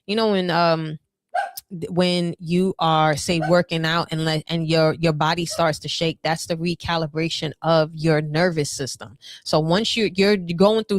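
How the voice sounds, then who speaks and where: A woman with a slightly low voice reads tarot cards for her viewers in a loose, chatty way. She wanders through fillers and restarts, then jumps up in excitement. The sound is dry and close. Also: dry recording. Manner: chatty, hesitant with many fillers, bursts of excitement. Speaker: tarot reader. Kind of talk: casual tarot reading to viewers.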